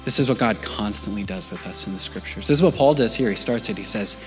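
A man preaching a storytelling sermon as a pastor. He speaks conversationally, keeps checking in with his listeners, and sinks to a soft, hushed voice at tender points. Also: lowish voice, fast talker, music in the background. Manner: conversational, often checking in with "right?" and "okay?". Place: church service.

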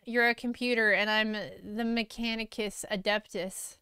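A woman streaming as an artist, chatting casually with viewers while she draws, self-deprecating and quick to laugh, on a close mic. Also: mid-range voice, steady tone, sharp tone, clean tone, no room sound.

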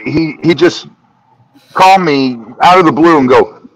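A man chatting as a podcast guest, telling animated stories and acting out his friends' lines. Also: on the high side, a little slow, pauses often, poor audio. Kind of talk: casual podcast chat.

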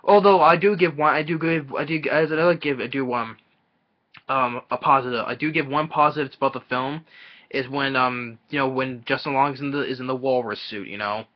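A man giving a casual, rambling film review, halting often and restarting his sentences. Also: medium pitch, fairly even intonation. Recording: dull lo-fi audio.

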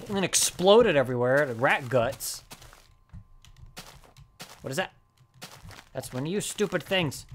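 A woman hosting a let's play, giving excitable, frustrated gameplay commentary and yelling at the game. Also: deep voice, normal speed, pauses often, a little hiss or hum.

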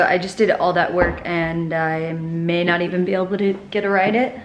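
A young woman vlogs casually at home, rambling to herself as she gets ready and swearing freely in a chatty manner. Her fairly low voice holds a level tone at normal speed with few pauses. The roomy indoor recording has a noisy background.

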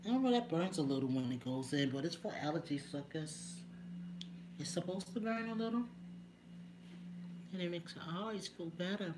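A chatty woman on a home live stream talks to her viewers by name, laughing between remarks. The recording carries a clear hiss of background noise. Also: fairly low pitch, expressive, moderate pace, pauses often.

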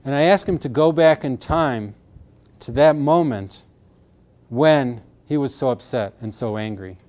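A middle-aged pain therapist explains how he treats pain, earnest and explanatory, often acting out his patients' words with strong emotion. His medium-pitched voice is unhurried and slightly dark.

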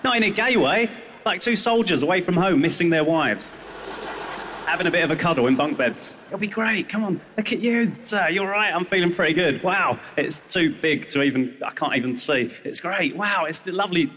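Man, stand-up comic, whimsical flirty banter, high bright voice. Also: animated, moderate pace, in a large hall, slight background noise. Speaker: stand-up comedian. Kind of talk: surreal stand-up comedy.

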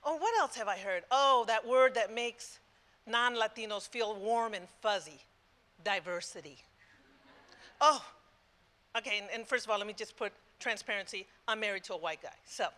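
Speaking live to a conference audience, the sixty-something woman keeps a normal pace, her bright, somewhat high voice ringing with force. Emphatic and repetitive, she hammers her points and slips Spanish phrases into her English mid-sentence.

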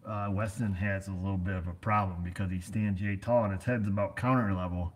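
A man's voice: low-pitched, fairly even intonation, fairly quick, breathy edge. A middle-aged American man who runs an auto repair shop, chatting casually in a folksy, rambling way full of fillers. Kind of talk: casual rambling vlog chat.

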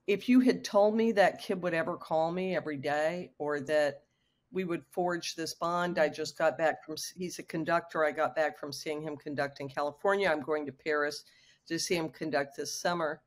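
A woman's voice: deep voice, moderate pace. A woman in her sixties telling a personal story frankly and with emotion as a guest on a video call. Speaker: guest author.

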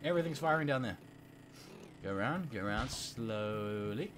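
A man commentating on a game he is playing, excitable and swearing, a bit sick and clearing his throat. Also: mid-range voice, normal speed, soft background music. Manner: excitable, swearing, yelping at failures. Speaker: gameplay commentator. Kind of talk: let's play commentary.

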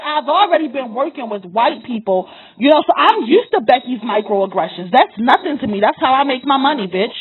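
A woman's voice: sits high, animated, brisk, few pauses, husky. A woman giving an impassioned, profane monologue straight to her listeners, repeating lines for emphasis. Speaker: vlogger. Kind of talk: impassioned direct-to-camera monologue. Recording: tinny phone-like sound.

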